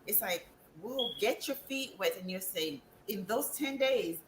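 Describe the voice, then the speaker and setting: An animated woman talks in a casual chat, and her pitch leaps around as she acts out other people's voices and laughs often. The recording is roomy and echoey, with a faint hiss of ambient noise underneath. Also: measured pace. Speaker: wellness guest.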